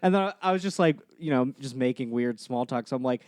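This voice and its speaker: A young man hosting a casual podcast, telling deadpan stories and laughing often. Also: mid-range voice, fast, dry recording, studio quality. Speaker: podcast host. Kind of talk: casual chat.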